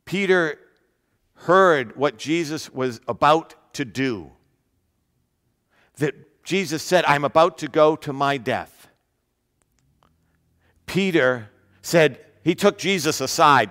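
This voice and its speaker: A man preaching a sermon in an earnest way, repeating key phrases and slowing down to stress them. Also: a little high, fairly bright tone, in a large hall. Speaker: pastor.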